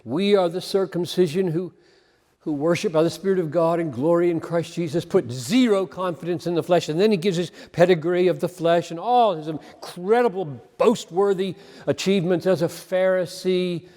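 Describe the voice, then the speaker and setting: A pastor speaks at normal speed in a high-pitched voice with a dark tone, preaching an emphatic, earnest sermon full of repeated phrases for weight. A long reverb, as from a large hall, follows his words.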